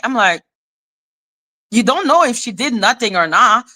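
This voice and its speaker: Woman, live commentary host, blunt and profane, slightly high, bright sharp tone. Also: measured pace, long pauses. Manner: blunt, swears freely, animated. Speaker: former teacher. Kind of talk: casual livestream commentary.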